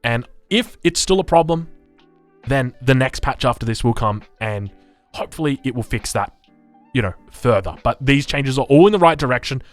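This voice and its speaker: An Australian man streaming live, reading game patch notes and chatting with his chat in an animated, chuckling way. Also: mid-range voice, moderate pace, faint music behind. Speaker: gaming streamer.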